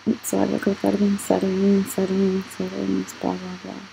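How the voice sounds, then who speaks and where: A woman's voice: medium pitch, completely flat delivery, normal speed, gravelly, mellow, soft background music, poor audio. A young adult woman hosting her channel, casually walking through her phone's apps and rambling as she wonders aloud why she keeps scrolling. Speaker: channel host. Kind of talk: casual screen walkthrough vlog.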